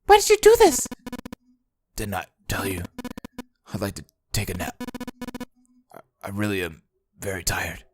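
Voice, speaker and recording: Weak, drowsy man, deep and slurred; a woman acts him. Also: huge pitch swings, measured pace, pauses often, noisy background, heavily acted. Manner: quiet, slurred and fading.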